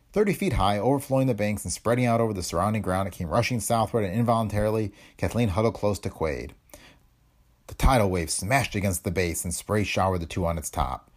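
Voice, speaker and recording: A man narrating a pulp adventure story in a dramatic, expressive storytelling manner. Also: low-pitched.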